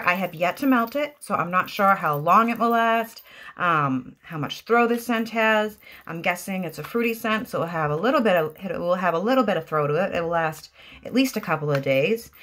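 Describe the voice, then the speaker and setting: Woman with a Boston accent, slightly low voice, chatty and gushing as she reviews products at home. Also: fairly bright tone. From Boston area, US. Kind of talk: casual product review vlog.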